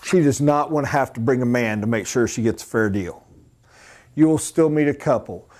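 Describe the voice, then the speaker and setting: Animated male sales trainer. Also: mid-range voice, moderate pace. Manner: animated, emphatic, mock voices for examples. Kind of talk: live sales training talk.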